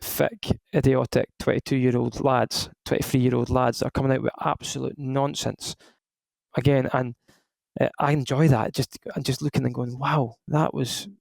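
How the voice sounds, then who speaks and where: A man's voice: mid-range voice, normal speed, gravelly, no echo, poor audio. A Scottish man in his thirties, a retired footballer, talking casually and rambling through stories with lots of restarts. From Scotland. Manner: rambling, frequent restarts, relaxed storytelling. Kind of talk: casual podcast chat.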